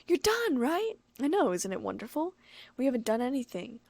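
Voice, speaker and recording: A woman's voice: sits high, very animated, moderate pace, a little mellow, dry recording, voice pushed up, heavily acted. A woman voicing a playful adult man with a sly, teasing manner.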